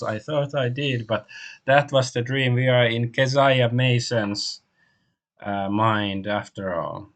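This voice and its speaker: A man streaming a game, translating the on-screen text aloud as he goes, with frequent pauses and restarts. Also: mid-range voice, fairly even intonation, a bit bright, faint music behind. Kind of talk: live game stream commentary.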